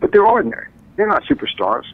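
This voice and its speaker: A man tells stories as a radio guest, his voice leaping up and down as he acts out what others said. There's a gravelly grain to his voice. The sound is dry and tinny, as if heard over a phone line. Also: wildly swooping pitch, quick pace, no room sound. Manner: enthusiastic storyteller, acts out quotes with big pitch jumps. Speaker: author and guest. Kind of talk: animated radio interview storytelling.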